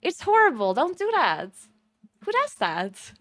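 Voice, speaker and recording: A woman's voice: high voice, measured pace, dry recording. A young woman from Italy, a streamer, chatting casually with viewers and telling stories with a lot of laughter. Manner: animated storytelling, laughs often.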